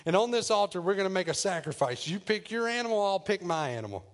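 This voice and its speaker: A defiant, grown prophet throws down a brash challenge in a drawl, acted out by a male preacher in his sermon. His voice sits a little high and his manner stays cocky and taunting. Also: very animated, fast talker. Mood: challenging. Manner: brash trash talk. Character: bold defiant prophet, grown man, mocking rivals.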